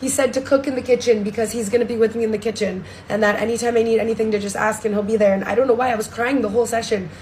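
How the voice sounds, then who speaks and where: A young woman giving a candid, excitable vlog testimonial, swearing freely as she talks. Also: on the high side, racing, few pauses, a little hiss or hum. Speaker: social media creator.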